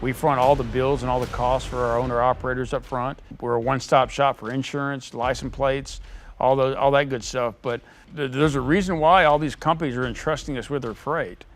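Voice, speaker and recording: A middle-aged man, a company owner, giving an earnest interview pitch for his business and often repeating words as he restarts. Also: steady tone, fairly quick, soft background music. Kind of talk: promotional interview talk.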